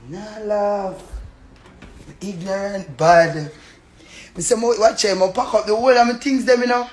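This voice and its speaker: During a real-life dispute, a Jamaican-accented woman, a tenant, loudly curses and taunts her landlord in patois, laughing between insults. Her voice is mid-range and unhurried.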